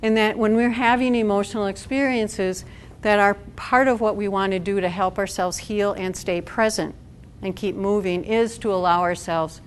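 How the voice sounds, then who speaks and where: Woman giving a lively talk to an audience. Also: medium pitch, a little hiss or hum. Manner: conversational, engages audience with questions. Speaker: speaker at a support event.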